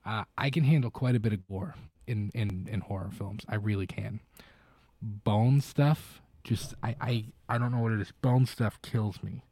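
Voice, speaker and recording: A man's voice: fairly low pitch, normal speed, mellow, dry recording, studio quality. A man co-hosting a podcast, retelling a film in a casual, rambling way with lots of fillers and restarts. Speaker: podcast co-host. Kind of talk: casual chat recapping a film.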